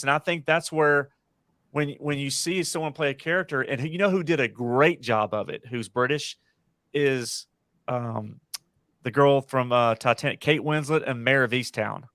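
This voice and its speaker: An American man chats on a podcast panel with a mid-pitched, ordinary voice. He rambles and corrects himself, pressing firm opinions. The mic sound is close and dry. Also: normal speed, fairly bright tone, no echo. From United States. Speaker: podcast host. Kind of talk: casual panel chat.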